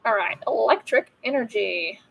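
A woman's voice: on the high side, expressive, moderate pace, creaky, a bit bright, husky, low-quality recording. A woman hosting a card-opening video, chatting playfully and joking as she goes through the cards. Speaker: host of a card-opening channel. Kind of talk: casual card-opening commentary.

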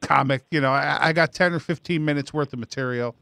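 A man's voice: on the high side, fast, vocal fry, pushed and bright, clear, resonant tone, no room sound. A man hosting a podcast in casual chat, asking long rambling questions full of fillers. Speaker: podcast host.

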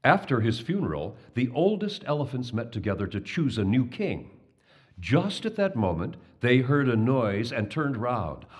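A man narrating a children's storybook over music in an expressive, measured way. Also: medium pitch.

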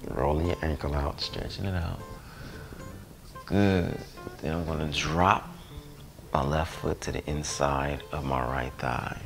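A man guiding a yoga class, relaxed and playful, sighing and joking between cues. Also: a bass voice, measured pace, creaky, long pauses. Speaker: yoga instructor. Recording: music playing behind voice.

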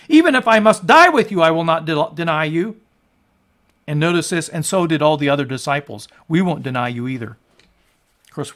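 A male pastor giving a sermon and reading scripture, emphatic and rising to loud peaks on quoted lines. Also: mid-range voice. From United States.

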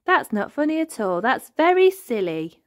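A woman's voice: high voice, very animated, moderate pace, voice pushed up. A woman voicing cross little rabbits in a read-aloud storybook, scolding indignantly.

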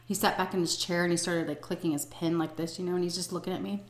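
A woman's voice: lowish voice, steady tone, quick pace, reverberant. A middle-aged woman vlogger telling a personal story in a casual, blunt and profane way. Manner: blunt and profane, vivid retelling. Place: indoors at home, eating on camera.

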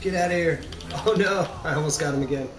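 A man's voice: fairly high pitch, quick pace, distant mic, crowd noise. A man streaming a team shooter game, chatting casually with friends and teasing them in a playful, laid-back way. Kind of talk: casual gaming chat. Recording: echoey room with game music behind.

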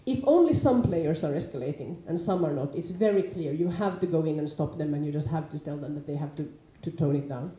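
A woman with a Nordic accent giving an informal lecture to a class, lively, acting out quoted players with sudden loud calls. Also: low-pitched, a little fast, hardly any pauses. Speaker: lecturer on larp safety. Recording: echoey lecture room.

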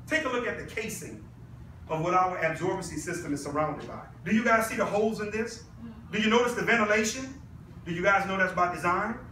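A bright, high-voiced man pitches a product live to an audience, persuasive and constantly quizzing the crowd. He is picked up from some distance in an echoey room with faint background noise. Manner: persuasive, addresses the audience with questions. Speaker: product presenter.

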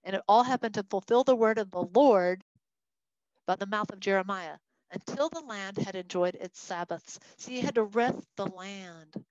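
A woman's voice: mid-range voice, normal speed, no room sound, lo-fi sound. A woman teaching a Bible study lesson, talking to a group and acting out the voices of people she quotes. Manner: animated, acts out quoted voices.

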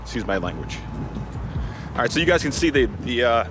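This vlogger talks fairly quickly at a medium pitch, his voice swinging widely up and down over some background noise. Filming on a handheld action camera outdoors, in a car and in a store, he chats casually, rambling and breaking off his own thoughts, as lofi music plays.

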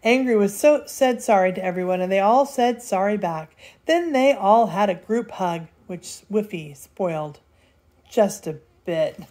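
An older woman reads a children's story aloud in a lively, expressive way. Her pitch sits in an ordinary middle range, and she paces the story with playful pauses. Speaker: storybook reader.

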